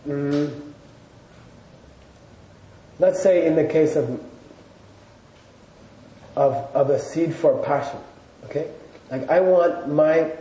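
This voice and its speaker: A man's voice: fairly high pitch, slow, pauses often, warm tone. A man teaching a live audience, chatty and storytelling, with loose fillers, recorded from a distance in an echoey room. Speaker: Buddhist teacher. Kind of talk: casual lecture to a live audience. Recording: echoey room, distant mic, faint noise.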